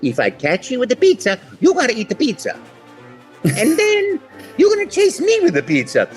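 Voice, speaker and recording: A man's voice: extremely high pitch, huge pitch swings, brisk, faint music behind, voice pushed up, full character voice. A man voicing a cheerful young Italian plumber with a put-on Italian-American accent, bouncy and sing-song.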